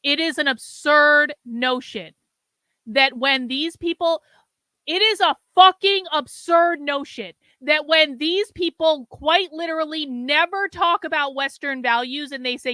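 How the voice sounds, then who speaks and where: Blunt, sharp-voiced woman stream host. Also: sits high, unhurried, no echo. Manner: blunt, swears, exasperated lecturing. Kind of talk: livestream commentary.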